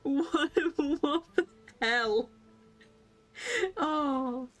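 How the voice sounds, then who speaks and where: A woman, chatting excitably and giggling as she streams a game and talks to her viewers. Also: high-pitched, extremely slow, faint music behind. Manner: excitable, giggly, reacts aloud and chats with viewers. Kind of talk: casual live-stream game commentary.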